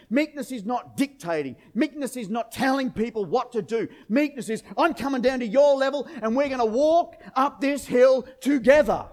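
A middle-aged pastor with a notably high-pitched voice delivers a lively sermon. He talks to the congregation like a mate, throwing out rhetorical questions. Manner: energetic, conversational preaching with rhetorical questions.

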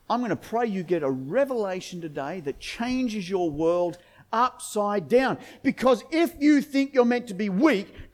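A middle-aged pastor with a notably high-pitched voice delivers a lively sermon. He talks to the congregation like a mate, throwing out rhetorical questions. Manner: energetic, conversational preaching with rhetorical questions.

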